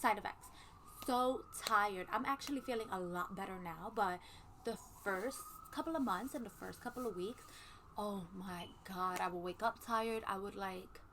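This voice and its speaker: A woman's voice: mid-range voice, normal speed. Chatty candid woman vlogging at home. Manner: chatty, candid, lots of ums and likes, swears casually. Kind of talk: casual pregnancy update vlog. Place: home room with a ceiling fan running. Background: faint ceiling fan hum.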